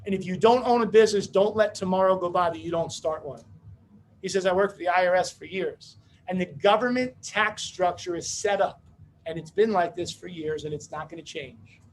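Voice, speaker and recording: A man giving a motivational business seminar talk, brash and joking, telling rapid-fire stories to a room. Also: sits high, a little hiss or hum. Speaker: business opportunity speaker.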